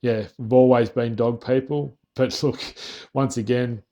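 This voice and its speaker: A man's voice: medium pitch, fairly even intonation, measured pace, warm tone, muffled recording. An Australian farmer, a man, telling rambling stories in a casual podcast chat and dropping in local slang. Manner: rambling, with restarts and Aussie slang. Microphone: sitting face to face with the host.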